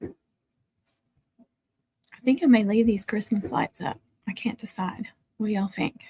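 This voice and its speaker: A woman's voice: medium pitch, measured pace, warm tone, husky. A woman chatting casually on a livestream from her country home, laughing often and cooing to her dogs. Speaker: craft livestream host. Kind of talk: casual livestream chat with viewers.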